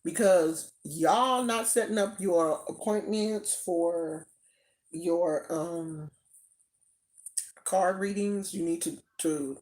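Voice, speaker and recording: Slow-talking older woman, roomy echo. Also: fairly low pitch, a little mellow. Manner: chatty, rambling, with fillers and restarts. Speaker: spiritual channel host. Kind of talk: casual livestream chat.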